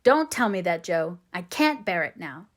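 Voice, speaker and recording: A woman's voice: a little high, animated, brisk, lightly acted. A woman voicing a passionate, pleading young man in an audiobook reading. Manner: impassioned, pleading.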